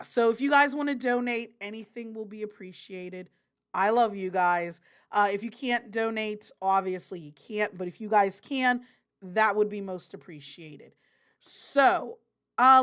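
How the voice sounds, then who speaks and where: A woman hosting a casual live stream, reading out viewer chat in a chatty, rambling way, often apologizing and breaking into loud, excited bursts. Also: medium pitch. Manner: apologetic and rambling, with many fillers.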